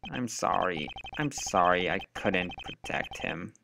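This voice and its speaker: Formal young prosecutor, grave and quiet, man reading the part. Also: low voice, moderate pace, noisy background, voice pushed down. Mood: solemn. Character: composed young male prosecutor, formal and solemn.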